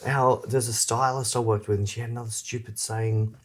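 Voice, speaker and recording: A man's voice: medium pitch, brisk. Laughing man telling stories. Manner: animated anecdotes broken by laughter. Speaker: podcast co-host. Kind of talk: casual chat, storytelling.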